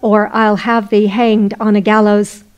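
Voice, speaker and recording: A woman voicing a greedy, quick-tempered rich man in a folk tale, speaking in old-fashioned, scolding phrases. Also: mid-range voice, flat delivery, clean tone, close to an everyday voice. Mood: angry scolding.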